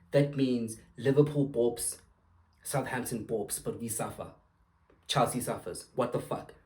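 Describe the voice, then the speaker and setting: A young male podcast host, mid-range in pitch with a somewhat dark tone, tears into football refereeing. The rant is heated, loaded with swearing and sarcastic bursts.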